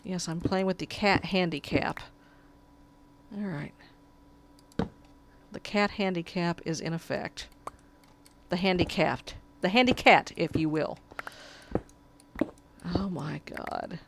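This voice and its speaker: Slow-talking woman narrating her game. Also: lowish voice, a bit bright, a little hiss or hum. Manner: chatty, talks to her cat while playing. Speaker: let's play host. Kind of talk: casual gameplay commentary.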